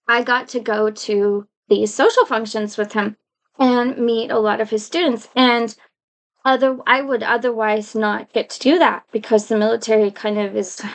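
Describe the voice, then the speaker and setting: A woman with a high, light voice chatting to camera in a loose storytelling monologue. She rambles, restarts her sentences and wanders into asides as she goes. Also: rough recording. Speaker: vlogger.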